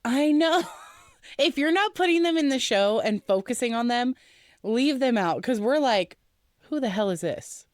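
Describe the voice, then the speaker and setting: A woman in her thirties chatting on a podcast. Her voice is fairly high and swoops all over. She laughs often and acts out what people said, and the sound is close and dry. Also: expressive, moderate pace, no echo. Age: 30s. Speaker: podcast co-host. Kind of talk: casual chat.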